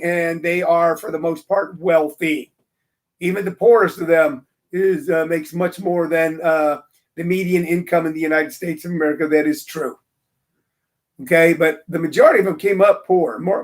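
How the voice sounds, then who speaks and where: A man hosting his own show, talking through a casual monologue in an animated, emphatic way, ranting with playful jabs. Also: high-pitched. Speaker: show host.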